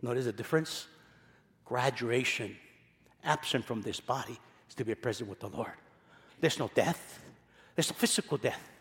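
A male pastor preaching a sermon, emphatic, repeating key phrases and swinging between loud passages and quiet ones. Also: medium pitch, moderate pace, pauses often, long reverb tail.

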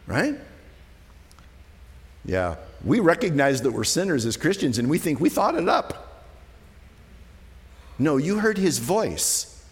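A man preaching as a pastor, talking conversationally, moving between quiet, slow passages and emphatic ones. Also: fairly high pitch, sing-song, big-room sound. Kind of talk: sermon.

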